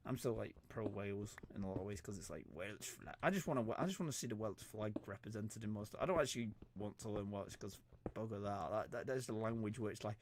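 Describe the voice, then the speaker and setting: A man's voice: lowish voice, fast talker, background noise. A young man, rambling and joking, stammering often and swearing casually as he chats on a gaming livestream. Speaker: streamer.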